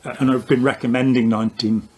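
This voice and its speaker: A man's voice: mid-range voice, flat delivery, fast, darkish tone, slightly rough. An older man, an author and commentator, explaining ideas in a casual conversational debunking with dry, wry jokes.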